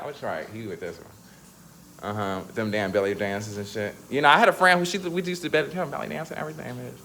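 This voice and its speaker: A young man chatting casually to his viewers, sassy and slangy, breaking into laughs and high squeals. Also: a little fast, fairly bright tone, slight background noise. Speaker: vlogger.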